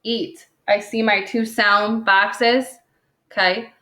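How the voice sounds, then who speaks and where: A woman's voice: mid-range voice, level tone, sharp tone. A woman teaching a phonics lesson to young children, patiently sounding words out and checking in with "okay?" after each point. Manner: sounds words out slowly, tapping syllables. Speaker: second grade teacher. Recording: roomy echo.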